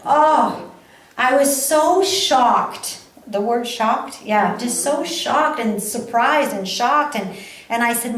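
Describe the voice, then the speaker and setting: Woman motivational speaker, slow and bouncy, pitch all over, lots of laughing, echoey hall. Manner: animated, laughs often, repeats phrases for emphasis. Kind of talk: live motivational talk to an audience.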